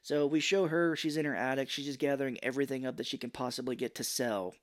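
Animated man retelling a movie. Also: medium pitch, fast talker. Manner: animated, acts out quotes, swears freely. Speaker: podcast co-host. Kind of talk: casual chat, retelling a movie.

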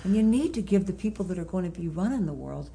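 A woman's voice: on the low side, animated, quick pace, vocal fry, warm tone, a little hiss or hum. A woman in her sixties, an author, chatting in an interview, laughing often and restarting her sentences. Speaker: author guest. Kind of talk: casual interview chat.

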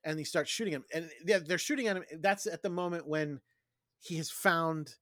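A man co-hosting a casual podcast, recapping a film and acting out the characters' lines in quick voices. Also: fairly high pitch, fairly bright tone, no room sound, clean studio sound. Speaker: podcast co-host. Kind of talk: casual movie recap chat.

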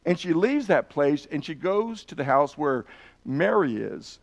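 A man's voice: a little high, very animated, a little slow. A man preaching a sermon, earnestly retelling and reading scripture passages aloud with emphasis. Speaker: pastor.

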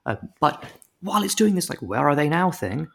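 Gravelly man reviewing films, wry. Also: a little high, sing-song, brisk, fairly bright tone. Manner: rambling, wry, builds comic analogies. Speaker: film review podcast co-host. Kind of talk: casual film review chat.

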